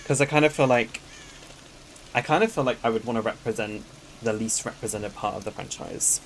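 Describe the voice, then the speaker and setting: A woman's voice: very deep voice, a little fast, slight background noise, poor audio. A woman streaming a game, chatting with her viewers and giggling often between comments. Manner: chatty and giggly, with frequent laughs. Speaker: gaming streamer. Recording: game music loud in the background. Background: game soundtrack music.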